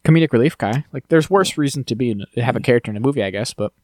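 A man's voice: medium pitch, expressive, racing, darkish tone, no room sound. A man co-hosting a podcast in casual chat, chatty and joking as he thinks aloud. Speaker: podcast co-host.

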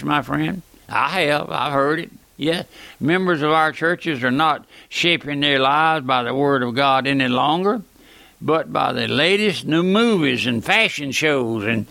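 With a creaky, fairly high voice on a dry recording, an older preacher from the American South gives a fiery old-time radio sermon. He keeps calling out "my friend," shifting from booming passages to quiet ones.

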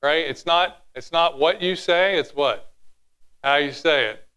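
A man preaching a sermon, animated, sometimes dropping to a hushed tone and acting out little quotes. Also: fairly high pitch, a little slow, clear, resonant tone. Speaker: pastor.

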